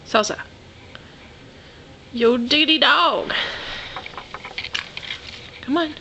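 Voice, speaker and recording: A woman's voice: sits high, animated, slow, long pauses, bright, forceful tone. A woman filming her pets at home, joking around in mock-pirate slang and teasing the animals. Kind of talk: playful home video commentary. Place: at home indoors. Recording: noisy home camcorder audio.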